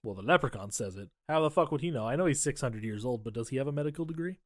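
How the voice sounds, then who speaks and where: A man with a medium-pitched voice talks through a movie's plot in loose, sardonic podcast chat, swearing freely. The sound is close and dry, with no room echo. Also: animated. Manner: profane, sardonic recapping with quick voices for characters. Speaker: podcast co-host. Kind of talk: casual movie recap chat.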